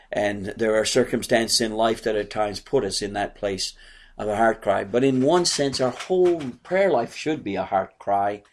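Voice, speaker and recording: A man's voice: mid-range voice, darkish tone. A man, a pastor, giving a conversational bible study sermon and asking his small congregation questions.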